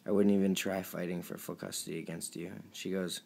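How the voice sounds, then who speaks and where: A young man reading out a string of text messages, pleading and emotional, his voice sometimes dropping low and quiet. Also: flat delivery, brisk, creaky. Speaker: vlogger.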